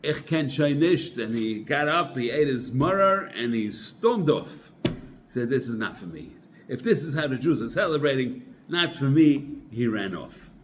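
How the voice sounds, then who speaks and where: A man giving an informal Torah talk, telling a parable as a conversational storyteller who clears his throat now and then. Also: medium pitch, big pitch swings, normal speed, fairly bright tone, slight background noise. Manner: conversational storyteller, sprinkles religious terms. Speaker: Torah teacher.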